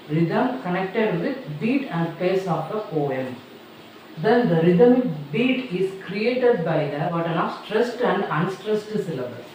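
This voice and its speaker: A teacher giving a classroom lecture, repeating each sentence slowly as if dictating notes. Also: medium pitch, a little mellow. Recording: very echoey room, voice far from mic, faint noise.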